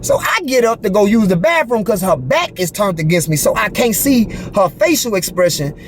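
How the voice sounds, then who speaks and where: His voice is high and his speed is normal, with a faint hiss or hum in the recording. Looking into the camera, this man narrates a personal story as a casual monologue, full of animated street slang, plenty of cursing, and repeated "you feel me" check-ins with whoever's listening.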